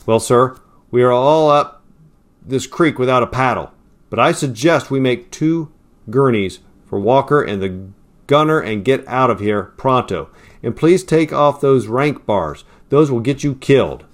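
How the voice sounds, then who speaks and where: A man voicing a blunt, steady young Marine squad leader who gives commands with firm authority. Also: medium pitch, measured pace, close to an everyday voice.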